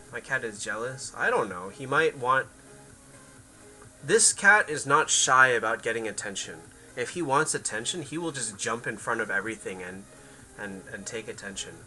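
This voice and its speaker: A man streaming games who talks in a loose, rambling way, answering chat as he plays. His voice is very bright and sharp-edged. Faint music plays under him. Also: fairly low pitch, rough recording. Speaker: game streamer. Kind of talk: casual livestream chat.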